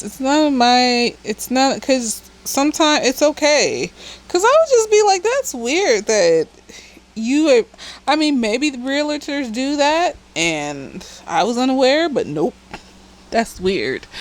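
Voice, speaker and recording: A woman's voice: fairly low pitch, low-quality recording. A woman therapist, slightly tipsy, giving a casual, blunt and profane recap of a TV episode with chatty asides.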